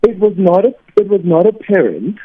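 A man, a teacher and radio host, calling in to tell an animated story and acting out the people in it. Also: high voice, normal speed, crowd noise. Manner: animated anecdote, acts out quoted voices. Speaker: teacher and weekend radio host, phone guest. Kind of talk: storytelling on a phone call. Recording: tinny phone line.

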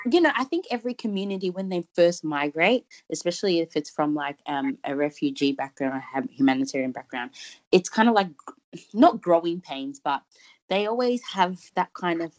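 A low-pitched woman talks in a loose, relaxed way. She strings her thoughts together with fillers, casual and unhurried. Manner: relaxed, chatty, trails off with "like". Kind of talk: casual chat.

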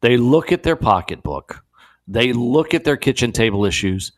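A man's voice: mid-range voice, normal speed. A man hosting a talk radio show, giving a digressive opinion monologue with frequent restarts. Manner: animated, digressive, many restarts. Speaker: guest radio host. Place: radio studio.

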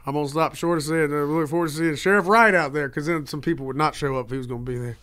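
Slightly high-voiced wisecracking radio man. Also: racing, bright, forceful tone, clear, resonant tone. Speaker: radio show co-host. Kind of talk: casual morning-show banter.

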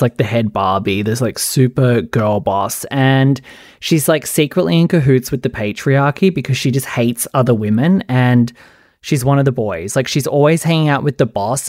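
A man's voice: medium pitch, darkish tone, dry recording, clean studio sound. A man hosting a podcast, chatting casually and sarcastically about reality TV with a constant stream of "like". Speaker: podcast host. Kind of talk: casual solo pop-culture commentary.

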